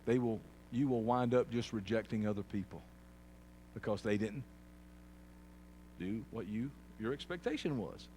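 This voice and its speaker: A man preaching a sermon, swinging from quiet, low passages to loud, shouted peaks. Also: moderate pace, long pauses, a little hiss or hum. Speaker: pastor.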